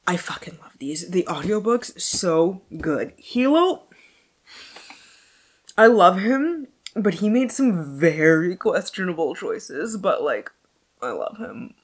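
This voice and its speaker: A woman with a slightly low voice that swings up and down a lot as she chats about her reading. She rambles, loses her train of thought, swears casually and laughs at herself. It sounds like a relaxed vlog recorded at home. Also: takes it slowly, husky. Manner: chatty, scattered, swears freely, laughs often. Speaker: book vlogger. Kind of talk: casual book wrap-up chat.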